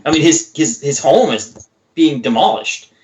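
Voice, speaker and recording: Animated man in a roomy echo. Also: measured pace. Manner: animated, acts out movie lines in a high voice. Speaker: podcast co-host. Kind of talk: casual chat.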